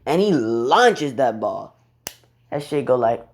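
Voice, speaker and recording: A man's voice: mid-range voice, big pitch swings, slow. A man casually telling a made-up fan story, rambling and cursing along the way. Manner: rambling, profane, chuckling.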